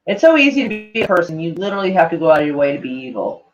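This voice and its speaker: A woman's voice: lowish voice, sing-song, rapid-fire, low-quality recording. A woman live-streaming in a casual chat, reading tweets aloud to her viewers, swearing freely and laughing often.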